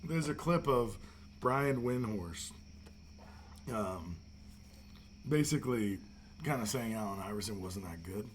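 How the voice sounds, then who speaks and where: A man co-hosting a casual sports talk show, calmly pushing back on his partner's points. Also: on the low side, unhurried, pauses often, slight background noise. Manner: argumentative, laid-back pushback.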